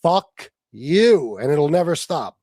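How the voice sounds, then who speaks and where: A man hosts a livestream and argues with heated, profane mockery. His voice sits a bit high and leaps around a lot. The sound is dry and close. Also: big pitch swings, slow pace, no echo. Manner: profane, mocking, shouting at times. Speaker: livestream host.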